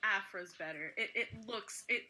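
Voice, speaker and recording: A woman's voice: medium pitch, normal speed, sharp tone. A woman playing in a tabletop game, speaking hesitantly and unsure. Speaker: player. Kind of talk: tabletop game role-play.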